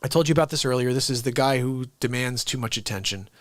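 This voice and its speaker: A man's voice: medium pitch, fast, no echo. A man hosting his daily live stream, ranting casually and talking straight to his viewers. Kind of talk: unscripted live-stream chat.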